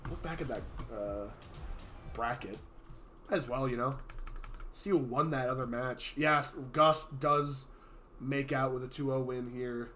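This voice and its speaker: Chatty tournament host, slightly hoarse man. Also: mid-range voice, a little slow, long pauses, a little hiss or hum. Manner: chatty, prone to loud excited outbursts. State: slightly hoarse from being sick. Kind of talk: casual live-stream commentary.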